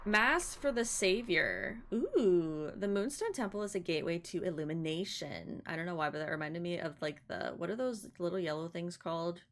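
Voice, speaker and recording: A woman's voice: on the low side, lively intonation, moderate pace, few pauses. Chatty young woman playing a game. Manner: chatty, giggly, playful. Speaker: gaming streamer. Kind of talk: let's play commentary.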